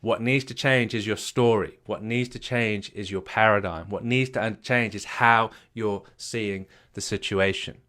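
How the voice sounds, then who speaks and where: Emphatic male marriage coach, low voice. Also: steady tone, unhurried, hardly any pauses, bright, forceful tone. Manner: emphatic, repetitive, asks the listener questions. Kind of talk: motivational talk at a retreat.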